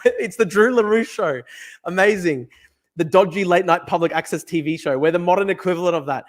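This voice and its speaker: A young man hosts a livestream from his desk, talking in a rambling, swearing, fired-up rush. His speech comes quick and pressing. His voice sits a little high for a man. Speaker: livestream host. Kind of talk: casual livestream talk reading chat. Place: at a desk at home. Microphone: desk camera mic.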